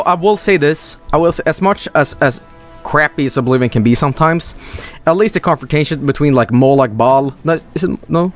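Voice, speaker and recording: A man streaming a video game, rambling and swearing in casual commentary with sudden high-pitched outbursts. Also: brisk, soft background music.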